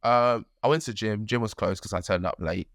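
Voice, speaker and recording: A young man co-hosting a podcast, his voice sitting a little low and recorded dry and close, with no room sound. He talks earnestly and rambles through his stories, leaning on "like" and checking in with "right?". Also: a little fast, gravelly, a bit bright, no echo. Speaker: podcast co-host. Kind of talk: casual conversational storytelling.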